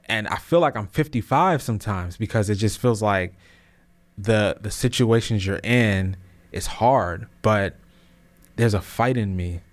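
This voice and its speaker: Podcast host, man, 30s, low-pitched, casual slangy motivational talk that swells into emphatic, preachy peaks. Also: measured pace. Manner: casual slang, many restarts.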